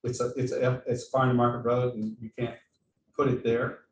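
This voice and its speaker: A man on a board who speaks in a halting way, with restarts, during a meeting discussion. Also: medium pitch, little pitch movement, distant mic. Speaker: board member. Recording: echoey room, off-mic, faint noise.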